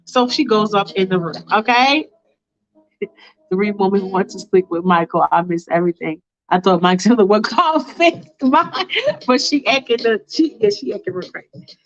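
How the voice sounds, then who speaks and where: A woman's voice: mid-range voice, normal speed. Chatty woman reading fanfiction aloud. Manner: chatty, laughing asides. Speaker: storyteller host. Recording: dull lo-fi recording.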